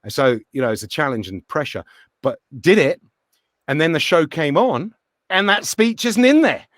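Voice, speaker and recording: Animated man telling stories. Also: on the high side, normal speed, dry recording, clean studio sound. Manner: animated storyteller, acts out voices in anecdotes. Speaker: actor and voice actor, guest. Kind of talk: casual interview chat.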